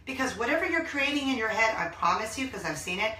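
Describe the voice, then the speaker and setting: A woman in her thirties chats excitedly to her viewers, her bright voice swooping high and low. She is recorded from a little way off, in a small laundry room that rings with echo. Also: quick pace. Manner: gushing, excitable, bursts into song. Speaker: vlog host. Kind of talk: casual chat to viewers. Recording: echoey small room, mic at a distance.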